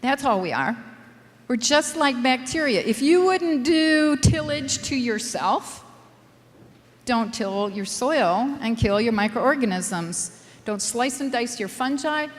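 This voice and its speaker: A woman with a highish, expressive voice speaks slowly, and the recording has a long reverb tail. A soil scientist from Minnesota with a Scandinavian-lilted Minnesota accent, she gives an emphatic, wry conference lecture full of rhetorical questions.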